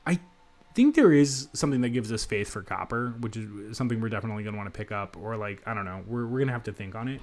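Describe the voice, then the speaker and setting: A man's voice: lowish voice, expressive, quick pace, darkish tone. A man giving let's play commentary in a city apartment, thinking aloud in a rambling way with frequent restarts. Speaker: gamer.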